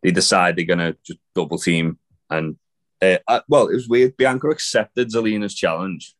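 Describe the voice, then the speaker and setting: A man's voice: low-pitched, normal speed. A man co-hosting a podcast, recapping wrestling in a rambling, casual way with lots of swearing and fillers. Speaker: podcast co-host.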